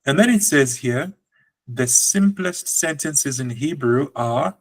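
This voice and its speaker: A man's voice: mid-range voice, unhurried, slightly rough, rough recording. A man teaching a language lesson, explaining patiently and drawing out example words.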